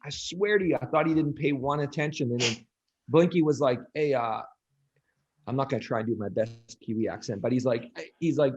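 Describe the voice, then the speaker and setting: A man, a coach, chats on a podcast in a mid-pitched voice. He tells lively stories, stops and restarts a lot, and packs his speech with fillers. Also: quick pace, muffled recording, a little hiss or hum. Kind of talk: podcast conversation.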